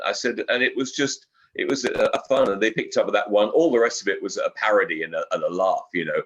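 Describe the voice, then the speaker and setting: An older man, a guest speaking in casual interview chat. He rambles, repeating words and filling pauses as he goes. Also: mid-range voice, fairly bright tone. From England. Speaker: guest broadcaster. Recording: slightly dull lo-fi audio.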